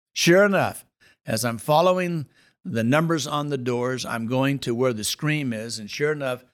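A middle-aged male pastor telling a personal testimony in an earnest, dramatic storytelling manner. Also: medium pitch.

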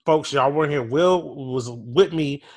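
A man's voice: fairly high pitch, measured pace. A man co-hosting a podcast, ranting with mock fury in casual chat. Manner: animated, mock-furious ranting. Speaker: podcast co-host.

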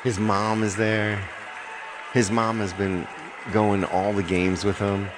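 A man's voice: on the low side, flat delivery, takes it slowly, big-room sound, background noise. A man chatting casually with viewers between songs on his livestream, rambling and apologetic as he talks. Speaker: live-stream singer.

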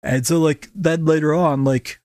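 A man co-hosting a casual podcast chat, recapping a show with plenty of swearing and quick acted asides. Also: on the high side, dry recording, clean studio sound. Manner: profane, animated recapping with quick impressions. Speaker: podcast co-host.

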